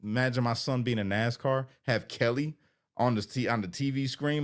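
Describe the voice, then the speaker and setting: A man's voice: mid-range voice, moderate pace. Earnest, emotional man talking to his viewers. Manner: earnest, emotional, rambling, says "you know" a lot. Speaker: vlogger. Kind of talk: heartfelt casual talk to viewers.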